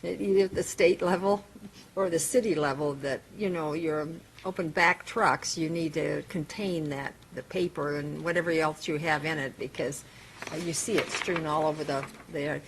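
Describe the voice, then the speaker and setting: A woman mayor chairing a city council meeting, plain-spoken and halting, with frequent fillers. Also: sits low, steady tone, a little hiss or hum, low-quality recording.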